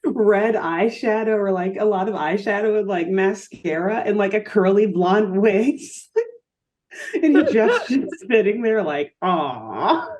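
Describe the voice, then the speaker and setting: A woman co-hosting a podcast who recaps a cartoon in casual chat, animated and giggly. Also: medium pitch, a little slow. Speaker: podcast co-host.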